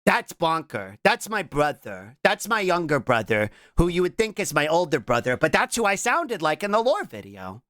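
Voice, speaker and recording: A young adult VTuber streamer chatting casually on a live reaction stream. They break into playful shouts and keep tossing out a questioning "what?". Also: mid-range voice, very animated, normal speed, few pauses, no echo, clean studio sound. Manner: keeps repeating a questioning "what?" between remarks; stumbles and restarts mid-sentence.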